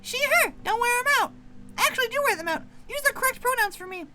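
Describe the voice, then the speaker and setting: A tiny shrill feisty maggot girl. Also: expressive, quick pace, a little hiss or hum, heavily acted. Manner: shrill, shouty, eager to fight. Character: tiny squeaky aggressive female maggot girlfriend. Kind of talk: game dialogue voiced by streamer.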